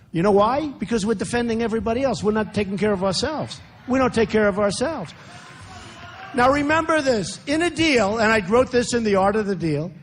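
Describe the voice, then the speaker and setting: A man's voice: sits high, a little hiss or hum. An older man with a New York accent, delivering a campaign speech at a large rally with repetitive, boastful phrasing and chatty asides to the crowd. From United States. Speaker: candidate speaking at a rally. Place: large indoor rally venue.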